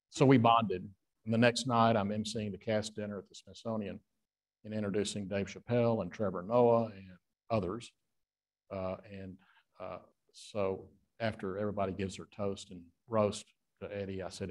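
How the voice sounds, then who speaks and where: A man, a guest author, telling rambling stage anecdotes with frequent filler pauses. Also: fairly low pitch, fairly even intonation, darkish tone.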